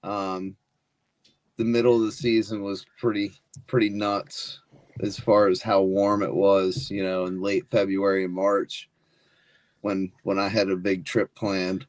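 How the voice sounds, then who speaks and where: A man talking as a podcast guest in a relaxed, halting way. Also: low voice, dry recording. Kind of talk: casual chat.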